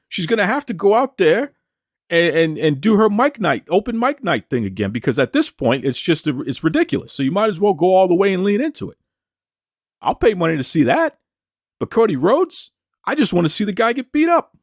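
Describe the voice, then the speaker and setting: A man's voice: high voice, no room sound, studio quality. A man hosting a wrestling commentary show, ranting in a taunting, combative way and firing off rhetorical questions. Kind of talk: opinionated wrestling commentary rant.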